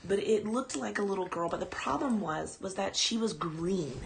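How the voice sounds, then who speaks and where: A woman's voice: medium pitch, lively intonation, moderate pace, gravelly, noisy background. Chatty woman telling a spooky story. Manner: chatty, rambling, breaks off to coo at her dog. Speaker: podcast host. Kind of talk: casual live-stream storytelling.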